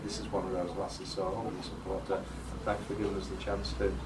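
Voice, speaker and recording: A man's voice: low voice, completely flat delivery, quick pace. A man from Yorkshire, giving an informal campaign speech to local residents. He is jokey and blunt and throws questions to the crowd. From Yorkshire, England. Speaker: politician addressing local residents. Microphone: distant microphone. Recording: roomy, distant, noisy ambience.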